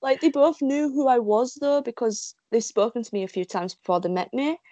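A woman from the UK chats about meeting an actor, gushing and giggling as she tells the story. Her voice sits on the high side. The sound is dry and a bit muffled, like low-fidelity call audio. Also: animated, fairly quick, warm tone, no room sound. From United Kingdom. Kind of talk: casual chat.

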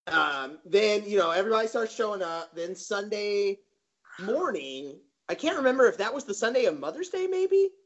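A young man in his twenties slowly recalling an old weekend for friends, hesitating with many ums. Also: high-pitched, big pitch swings. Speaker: podcast co-host. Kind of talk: casual storytelling among friends. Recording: muffled lo-fi podcast audio.

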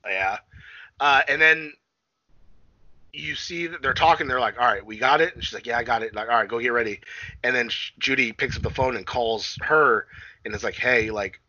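A man's voice: mid-range voice, normal speed, bright, forceful tone, muffled recording. A man casually recapping a film on a podcast, rambling and swearing, often acting out quotes and laughing. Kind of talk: casual chat.

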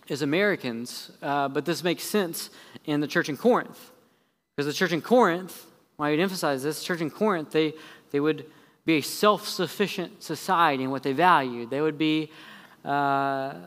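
A man preaching from the pulpit. His voice sits a bit higher than most men's and rings with a long church-hall reverb. He races through sarcastic lists, then slows and drops low for the main points. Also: fairly bright tone. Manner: heavy sarcasm with quick repeated phrases. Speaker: pastor. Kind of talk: sermon. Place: church sanctuary.

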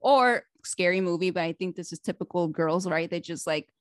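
Podcast host, woman, lively chatty delivery with frequent laughs, dry close sound. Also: lowish voice, moderate pace, no echo. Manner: animated, laughs often, chatty with restarts. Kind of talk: casual interview chat.

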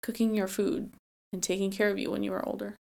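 A woman speaks as a candidate in a relaxed interview. Her voice sits at a middle pitch with a gravelly creak running through it. She is earnest and works her thoughts out with fillers and restarts. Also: quick pace. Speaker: political candidate. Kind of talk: casual interview.

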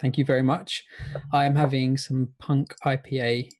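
A man's voice: mid-range voice, flat delivery, moderate pace, a little mellow. A man appearing as a polite, modest guest on a casual podcast over a video call. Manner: polite, modest, good-humoured.

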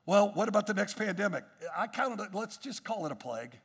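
A male pastor preaching a sermon, swinging between quiet asides and emphatic rises, with frequent repetitions and restarts. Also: high-pitched, big pitch swings, a little fast, vocal fry, breathy edge, long reverb tail.

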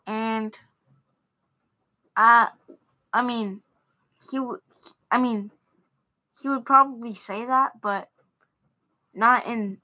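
A young woman with a bright, fairly high voice, chatting casually as a podcast co-host. She speaks slowly and drops in brief comments as the story is recapped.

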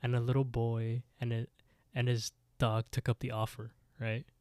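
A man's voice: mid-range voice, completely flat delivery, moderate pace, a little mellow, clean tone, no room sound, studio quality. A man co-hosting a podcast, retelling a scary story in casual chat with lots of fillers. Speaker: podcast co-host.

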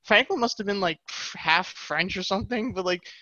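A young man telling a rambling story on a podcast over a video call, animated and full of quoted voices. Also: sits high, a little fast, dry recording, lo-fi sound. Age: young adult. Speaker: podcast co-host. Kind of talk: casual storytelling.

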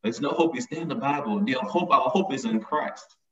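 A man's voice: medium pitch, lively intonation, normal speed. A man preaching a sermon with emphasis, often repeating his lines to drive them home. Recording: echoey, distant, dull sound.

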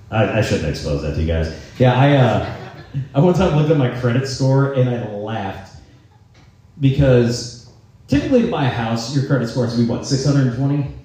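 A man's voice: mid-range voice, sing-song, normal speed, mellow. A man hosting a podcast, rambling casually with profane, self-mocking jokes. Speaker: podcast host. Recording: roomy echo, distant from mic.

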